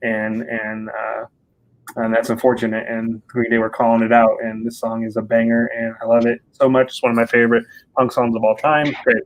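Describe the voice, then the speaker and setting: A man's voice: medium pitch, completely flat delivery, brisk, muffled recording. A man co-hosting a casual podcast chat, rambling with lots of restarts. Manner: rambling, many fillers and restarts. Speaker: podcast co-host.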